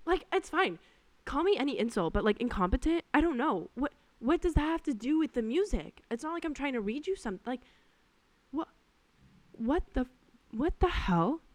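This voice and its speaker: A young woman chats through work stories with an animated, exasperated edge, full of fillers. Her voice sits a little high. The sound is close and dry. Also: moderate pace, no room sound. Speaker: podcast host. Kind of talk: casual storytelling monologue.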